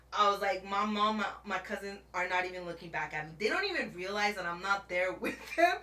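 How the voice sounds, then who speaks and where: A woman's voice: medium pitch, pushed and bright, echoey room, recorded from a distance, slight background noise. A woman vlogger telling a dramatic story in a casual chat, laughing often and calling the viewer bestie while she paints her nails.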